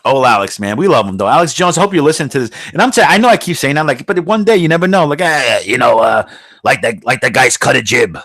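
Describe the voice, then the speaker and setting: A man's voice: medium pitch, quick pace, fairly bright tone, breathy edge, dry recording. A blue-collar New man riffs on a podcast, cursing freely and joking through his rants. His mid-range voice sits dry and close on the mic, with no room sound at all. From New York. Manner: profane, rambling, joking, blue-collar bluster. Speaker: podcast host. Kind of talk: casual podcast chat.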